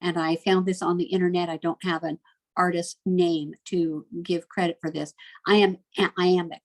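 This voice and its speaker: A middle-aged woman teaching a recorded literature lesson, reading rhymes and word lists aloud in a lively sing-song way. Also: lowish voice, moderate pace, poor audio. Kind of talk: recorded homeschool literature lecture.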